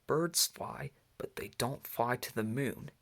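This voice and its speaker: A man reading a children's storybook aloud, voicing a calm, patient mother bear who gently teases her cub. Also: mid-range voice, slow, creaky, exaggerated voice.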